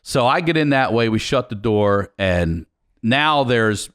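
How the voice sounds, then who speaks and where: Animated storytelling man, lively pitch. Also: measured pace, clean tone. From Baltimore, USA. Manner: lively, profane, laughs while telling. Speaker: podcast guest.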